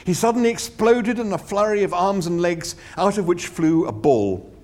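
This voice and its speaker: A man narrating an audiobook with wry, theatrical comic timing. His somewhat high voice swoops and dips animatedly. He leans into the humour of every line. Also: lively intonation, moderate pace, a little mellow.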